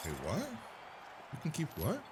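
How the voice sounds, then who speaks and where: A man's voice: on the high side, huge pitch swings, measured pace, noisy background. A man reacting to a TV episode for the first time, blunt and profane, firing incredulous questions at the screen. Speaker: reaction host.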